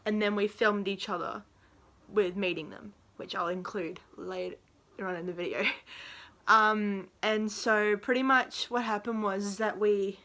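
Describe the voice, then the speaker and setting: A woman's voice: medium pitch, fairly even intonation, unhurried, a bit bright. A young woman telling a rambling, giggly storytime in a vlog, with lots of fillers. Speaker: vlogger.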